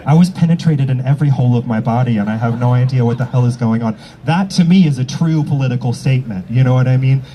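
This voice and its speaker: A man's voice: medium pitch, fast talker, hardly any pauses, warm tone, a little hiss or hum, rough recording. A man hosting as a drag emcee at an outdoor rally, bantering with the audience in a brash, teasing and profane way. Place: outdoor public square at a rally. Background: faint crowd.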